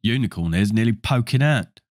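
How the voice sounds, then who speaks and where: A man's voice: on the low side, expressive, normal speed, a little mellow, dry recording, close to an everyday voice. Guy doing a chatty offhand boy wizard, bouncy voice, dry sound. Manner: casual, offhand. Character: easygoing chatty boy wizard, a bit scornful.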